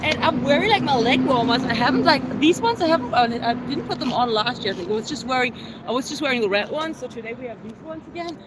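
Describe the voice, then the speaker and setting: A woman live-streaming her outdoor workout, chatting with viewers and counting reps out loud, a little winded at times. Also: sits high, animated, fast. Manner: chatty, reads viewer comments aloud between sets. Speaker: fitness vlogger. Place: outdoors in a city. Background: faint traffic and street noise.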